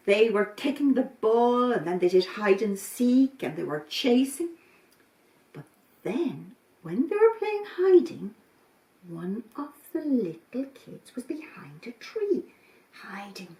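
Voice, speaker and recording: Woman telling a kids' story, slow and animated, echoey room, off-mic. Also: a little high. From Ireland. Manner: expressive, slow, sing-song, dramatic pauses. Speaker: storyteller, volunteer. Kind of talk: children's story reading. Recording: roomy, from a distance.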